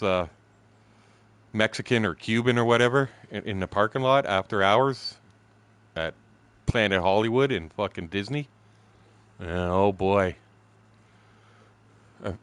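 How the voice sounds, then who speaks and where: A man in his sixties from Windsor, Canada, streams a game while telling a rambling, profanity-filled story. His voice is on the low side and fairly bright, with no echo, and he comes across as blunt and chuckling.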